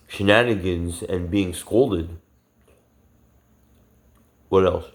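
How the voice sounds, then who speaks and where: Ranting angrily into his camera, a vlogger with a very deep, low voice vents about something personal, swearing heavily. He rambles, keeps restarting and circling back, and leans on lots of fillers.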